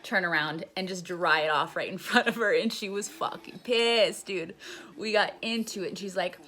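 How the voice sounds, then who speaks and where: A woman's voice: fairly low pitch, normal speed, sharp tone. A young woman casually recounting a personal story, rambling and swearing freely with lots of "like.". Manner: profane, rambling, heavy use of "like". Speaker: storyteller recounting her jail time.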